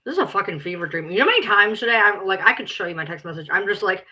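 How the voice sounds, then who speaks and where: A woman livestreaming and chatting casually, blunt, exasperated and quick to swear. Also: medium pitch, animated, bright, forceful tone, slightly rough.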